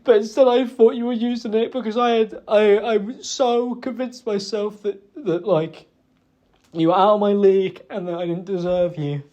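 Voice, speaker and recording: Guy apologising to his partner, soft mellow voice, stumbling and remorseful, swears a lot. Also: high voice, moderate pace, dull audio. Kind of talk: private apology talk.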